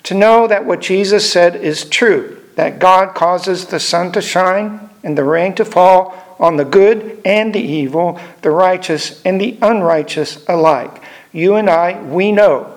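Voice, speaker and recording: An older man preaching a sermon in a measured way, repeating phrases for emphasis. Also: high voice.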